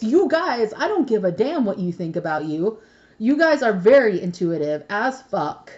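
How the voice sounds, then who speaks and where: A woman's voice: mid-range voice, very animated, normal speed, a little mellow, lo-fi sound. Chatty, swearing young woman reading tarot. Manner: chatty, swears freely, laughs often. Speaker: tarot reader. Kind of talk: casual tarot reading vlog.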